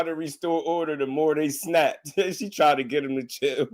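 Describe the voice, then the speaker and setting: A man giving casual boxing commentary on a live stream, slangy and animated, laughing often. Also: fairly high pitch, moderate pace.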